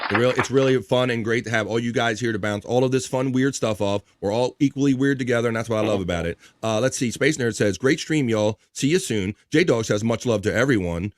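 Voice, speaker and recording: A man's voice: mid-range voice, brisk, hardly any pauses, slight background noise. Chatty male livestream host. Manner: upbeat, thankful, chatty. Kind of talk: casual chat, reading chat messages.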